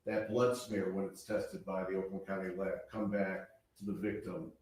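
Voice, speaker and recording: A man giving a courtroom opening statement as prosecutor, laying out events step by step in a measured way. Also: low voice, level tone, darkish tone. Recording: echoey courtroom from far off.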